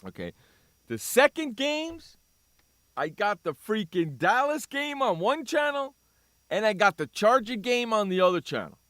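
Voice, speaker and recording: A man's voice: high voice, very animated, measured pace, fairly bright tone, no echo, clean studio sound. A man hosting a sports talk radio show, ranting animatedly about the games and saying "freaking" over and over.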